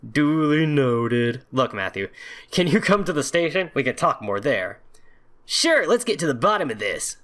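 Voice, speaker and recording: A man's voice: a little high, very animated, normal speed, bright, forceful tone. A young man casually commenting on a video game, reading its text aloud, joking sarcastically and swearing often. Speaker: video game let's play host.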